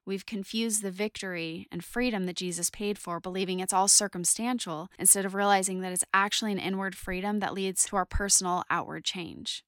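A woman's voice: mid-range voice, steady tone, brisk, hardly any pauses, a bit bright, no echo, clean studio sound. A woman in her forties giving devotional Bible teaching, earnest and conversational, reading scripture and telling stories from her own life.

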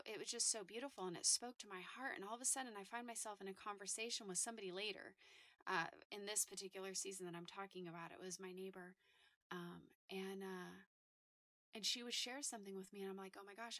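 Woman, faith podcast host, earnest testimony, bright voice, dry close sound. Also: medium pitch, fairly even intonation, quick pace, no room sound. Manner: earnest and emphatic, with repeated phrases.

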